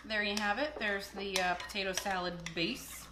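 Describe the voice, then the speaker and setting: A woman's voice: medium pitch, fairly even intonation, normal speed, few pauses, very noisy. Chatty woman cooking in an echoey kitchen. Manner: chatty, joking, storytelling while cooking. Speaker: cooking show host. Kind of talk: casual cooking demonstration. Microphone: camera across the kitchen. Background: clattering dishes and cutlery.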